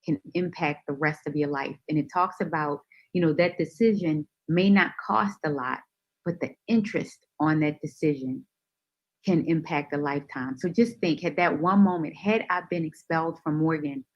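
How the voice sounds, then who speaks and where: Female radio guest, lower pitch, animated storyteller, muffled lo-fi recording. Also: normal speed. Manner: lively, expressive, laughs easily. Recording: dull lo-fi sound.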